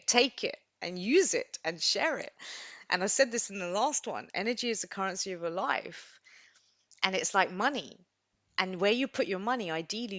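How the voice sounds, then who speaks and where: A woman talks off the cuff on a live stream, rambling and expressive, with tears close to the surface. Her voice sits at a middling pitch. The sound is dry and close. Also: no echo. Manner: rambling, expressive, self-deprecating. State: tearful, emotional. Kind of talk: unscripted live stream talk.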